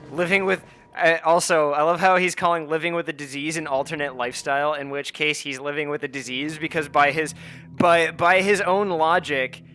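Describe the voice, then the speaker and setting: A man's voice: fairly even intonation, normal speed. A man streaming a game, chatting casually with his chat, swearing a lot and breaking into exasperated rants. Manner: swearing, exasperated, bursts into high shouting rants.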